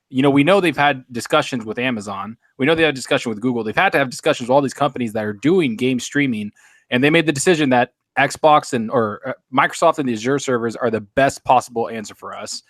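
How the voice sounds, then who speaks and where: A man's voice: mid-range voice, no room sound, clean studio sound. A man on a casual gaming podcast panel, opinionated and ranting freely. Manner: opinionated, animated rant.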